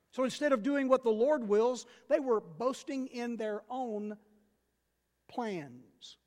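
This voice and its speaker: A male pastor preaching with a high voice, driving points home by repeating key words. His delivery moves between loud emphasis and quiet asides. A long reverb trails his words through the church. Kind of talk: sermon.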